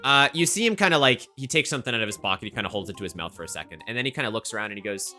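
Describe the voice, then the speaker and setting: A woman running a tabletop game on a live stream, narrating in a chatty, animated way. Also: extremely low pitch, racing, soft background music. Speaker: game master.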